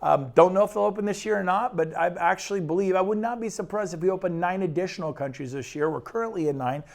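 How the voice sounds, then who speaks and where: A man, a real estate broker, giving an enthusiastic and persuasive sales pitch presentation. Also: gravelly, a little mellow. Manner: enthusiastic, persuasive, rapid lists.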